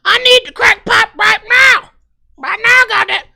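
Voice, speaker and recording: A man voicing a frantic, shrill woman desperate for crack, whining and shrieking demands. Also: steady tone, unhurried, creaky, pushed and bright, exaggerated voice.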